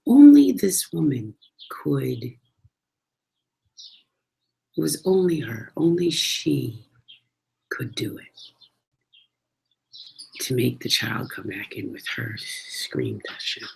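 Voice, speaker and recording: A woman chatting casually about her travels, animated and acting out the dialogue as she tells each story. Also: rumbling low, takes it slowly, creaky, long pauses, slight background noise, low-quality recording.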